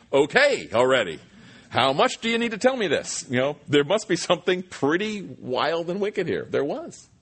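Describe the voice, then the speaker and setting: A man preaching a sermon, telling a Bible story with animated asides, restarts and humor. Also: medium pitch, breathy edge. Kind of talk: expository sermon.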